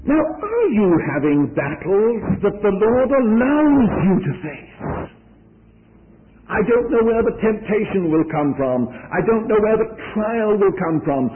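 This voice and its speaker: A man preaching a sermon, telling a story with lively acted-out voices. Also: sits high, a little slow. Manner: animated, acts out voices. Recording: tinny lo-fi recording in a hall.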